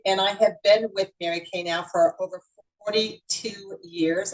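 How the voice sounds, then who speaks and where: A woman's voice: medium pitch, low-quality recording. Chatty upbeat woman in her sixties. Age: 60s. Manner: chatty, upbeat, addresses the audience directly. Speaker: host of an online beauty event. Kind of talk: casual online presentation.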